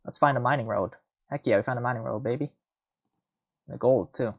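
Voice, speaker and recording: Man, casual gameplay commentary, rambling, self-mocking, middle pitch, muffled lo-fi recording. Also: fairly quick, slightly rough. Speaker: game commentator.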